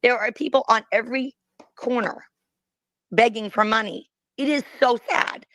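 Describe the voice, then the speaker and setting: A woman from the Boston area, a teacher joining a casual livestream, telling stories in an animated, dramatic way. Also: on the high side, normal speed, no echo.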